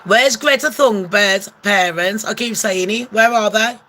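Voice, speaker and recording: A woman rattles off comic gossip commentary with a bright, sharp-edged voice. She is brash and sarcastic, swearing freely as she talks. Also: mid-range voice, measured pace. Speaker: gossip vlogger.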